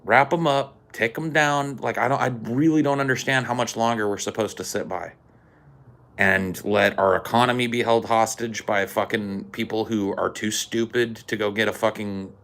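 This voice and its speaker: A man on a podcast ranting angrily and sarcastically, swearing constantly and getting louder and more heated. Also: fairly low pitch, steady tone, normal speed. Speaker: podcast co-host. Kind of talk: profane podcast rant.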